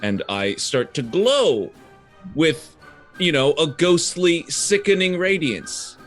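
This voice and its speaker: A man playing a tabletop game, describing his character's actions with halting repeats. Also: on the high side, big pitch swings, a bit bright, faint music behind. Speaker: player.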